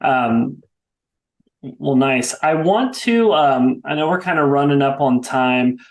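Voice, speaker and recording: A young adult man hosting a podcast in a relaxed, friendly way, with plenty of casual fillers. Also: mid-range voice, slow. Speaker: podcast host. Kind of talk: casual interview.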